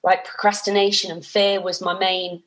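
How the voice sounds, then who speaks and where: A middle-aged woman, telling her story as an interview guest in an animated, chatty way. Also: on the low side, moderate pace. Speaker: actress guest.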